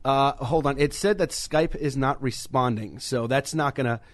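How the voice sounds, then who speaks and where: A man's voice: medium pitch, moderate pace, no room sound. A man co-hosting a casual sports radio show from a small studio, rambling and self-deprecating, often stammering and restarting.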